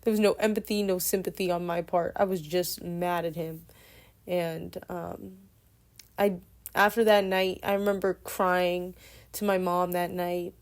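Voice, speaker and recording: A woman in her twenties telling a personal story casually, in a meandering, soft-spoken way. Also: fairly low pitch, little pitch movement, unhurried.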